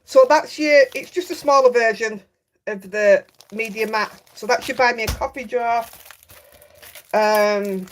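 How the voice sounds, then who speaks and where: Chatty Yorkshire woman, fairly high voice. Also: a little slow, slight background noise. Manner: chatty, reads out viewer comments, laughs easily. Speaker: craft livestream host. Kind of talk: casual live chat.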